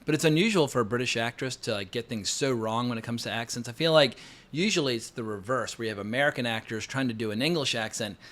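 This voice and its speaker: A man giving a casual, opinionated film review, blunt and quick to swear. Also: mid-range voice, a bit bright. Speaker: film critic.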